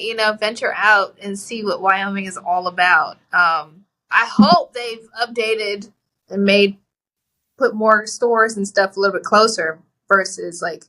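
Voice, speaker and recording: Bright-voiced woman hosting an interview. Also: mid-range voice. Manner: relaxed, uses casual slang. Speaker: podcast host. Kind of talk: casual interview chat.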